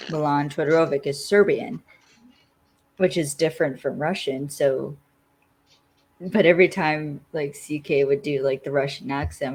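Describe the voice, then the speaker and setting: A woman's voice: deep voice, husky, low-quality recording. A woman co-hosting a casual fan podcast, chatty and giggly, recapping a TV episode. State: tired. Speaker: podcast co-host.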